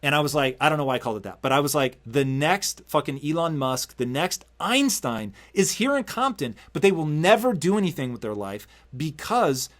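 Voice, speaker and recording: A man hosting an interview, telling a long story in a casual, energetic way and swearing freely. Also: fairly high pitch, brisk, hardly any pauses. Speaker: podcast host.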